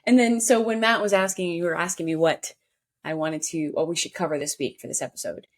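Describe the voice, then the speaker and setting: A woman's voice: lowish voice, steady tone, fairly quick. A woman co-hosting a podcast in casual chat, bubbly and chatty, joking at her own expense. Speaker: podcast co-host.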